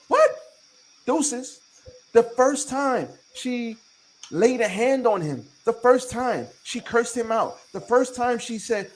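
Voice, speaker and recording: A man's voice: very high-pitched, lively intonation, slow pace, poor audio. A man hosting a podcast in casual chat, talking emphatically with a lot of profanity and repeating his points to lecture his listeners. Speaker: podcast host.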